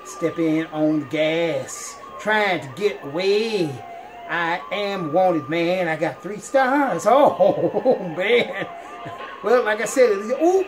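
A man's voice: sits high, slow pace, background noise. A man giving playful let's-play commentary, laughing often as he talks. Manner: playful, laughs often, folksy drawl-like phrasing. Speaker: gamer.

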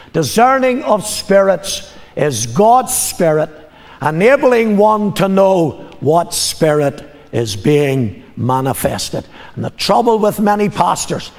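High, gravelly older preacher. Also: male voice, animated, slow pace, darkish tone, big-room sound. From Northern Ireland. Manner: emphatic preaching, repeats lines for effect; calls for congregation responses. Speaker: pastor. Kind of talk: sermon.

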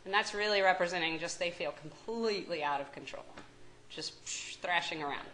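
A woman's voice: fairly low pitch, fairly quick, sharp tone, slight background noise, rough recording. A woman with a Kentucky accent giving a medical lecture as a psychiatry professor, talking conversationally, joking and asking the audience questions. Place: lecture room.

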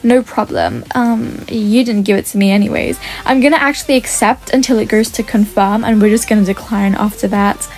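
A woman's voice: mid-range voice, a little fast, hardly any pauses, a little mellow, soft background music. A woman hosting a gaming channel, giving chatty gameplay commentary and reading out other players' chat messages as she goes.

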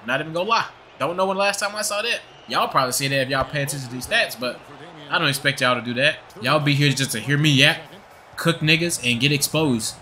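A man's voice: medium pitch, sharp tone, slight background noise. A young man giving profane, trash-talking gameplay commentary with a hyped, joking manner. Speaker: gaming video creator.

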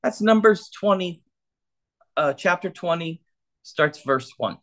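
A man's voice: a little high, lively intonation, slow, fairly bright tone. A man leading a casual Torah study, chatty and loose, who keeps checking in with his listeners.

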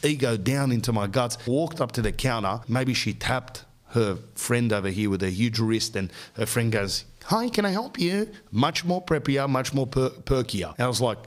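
A man's voice: mid-range voice, normal speed, few pauses. Exasperated middle-aged man telling a story. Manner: animated, exasperated ranting. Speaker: podcast host. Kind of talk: comic storytelling.

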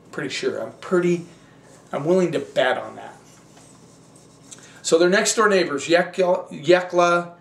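A man hosting a wine show, tasting and reviewing wines in a relaxed, rambling, conversational way. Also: sits high, roomy sound, recorded from a distance.

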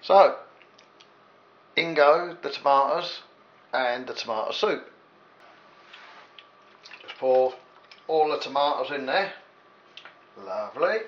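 A man's voice: medium pitch, expressive, takes it slowly, pauses often. An English man giving a casual, jokey cooking demonstration in his home kitchen, full of rambling asides to the viewer. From England. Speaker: home cook. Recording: echoey, dull lo-fi with faint hiss.

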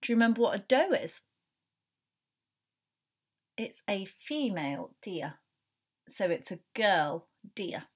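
Slow, clear woman teaching phonics. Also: mid-range voice, big pitch swings. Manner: slow, sounding out letters one by one. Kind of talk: phonics lesson for young children.

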